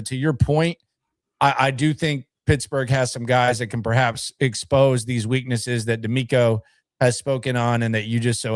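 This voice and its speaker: A man's voice: mid-range voice, no room sound, clean studio sound. A man co-hosting a casual sports talk show, chatting about football and reading viewer comments aloud.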